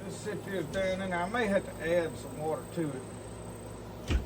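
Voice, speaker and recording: A man's voice: sits high, unhurried, noisy background. A man hosting a casual outdoors vlog, rambling in a folksy way and talking straight to his viewers. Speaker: outdoors channel host. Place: outdoors in a dry yard.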